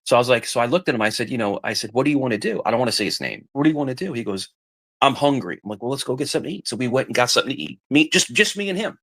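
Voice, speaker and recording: A man's voice: medium pitch, animated, very fast, vocal fry, few pauses, a bit bright. A middle-aged man in casual chat, rambling and repeating himself as he tells family stories. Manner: rambling, repeats himself, acts out quoted voices. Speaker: podcast guest telling family stories.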